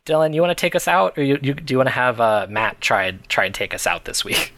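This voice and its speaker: A man's voice: medium pitch, sing-song, fast, fairly bright tone, no room sound. A man co-hosting a podcast in casual chat, loose and joking, with frequent restarts. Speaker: podcast co-host.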